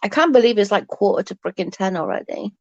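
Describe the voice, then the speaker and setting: A woman's voice: mid-range voice, lively intonation, fast, vocal fry, a little mellow, no echo. A woman chatting to viewers on a casual late-night livestream from her bed, rambling and swearing freely.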